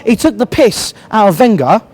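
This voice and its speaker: A man's voice: sits high, big pitch swings, moderate pace, darkish tone. A young British man with a cold, ranting bluntly and passionately as a football fan reviewer, swearing often. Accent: British English. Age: young adult. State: has a cold, voice cracking. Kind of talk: heated fan rant to camera.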